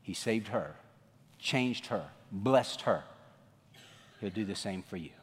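A male pastor preaching a sermon, swinging from loud outbursts to hushed lines. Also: fairly low pitch, animated, slow, long reverb tail, soft background music.

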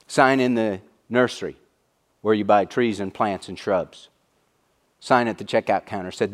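A middle-aged man preaching a sermon to fathers, earnest and repeating key phrases for emphasis. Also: lowish voice. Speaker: pastor.

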